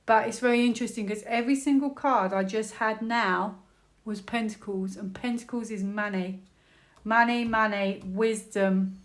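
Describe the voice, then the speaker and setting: A British woman doing a tarot reading, thinking out loud, exclaiming and repeating words as she turns cards. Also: a little high, steady tone, moderate pace. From United Kingdom. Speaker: tarot reader.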